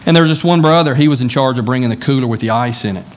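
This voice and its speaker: A man preaching to his church congregation in a relaxed, conversational way, telling everyday stories and acting out the lines of the people in them. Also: mid-range voice, racing, slight background noise. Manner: conversational, folksy storytelling with acted-out dialogue. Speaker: pastor. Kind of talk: sermon. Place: church sanctuary.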